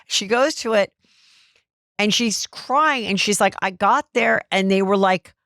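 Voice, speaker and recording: A woman hosts a gossip podcast, chatting casually at a medium pitch. She tells stories animatedly and slips into the voices of the people she quotes. The room sound is dry and close. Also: unhurried, a bit bright, no room sound. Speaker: podcast host.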